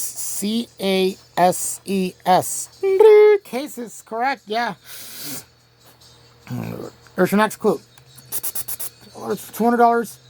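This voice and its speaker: A woman hosting a home-made crossword game show, reading clues and spelling answers letter by letter, pausing and restarting often. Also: fairly high pitch, a little mellow. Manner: halting, with frequent restarts.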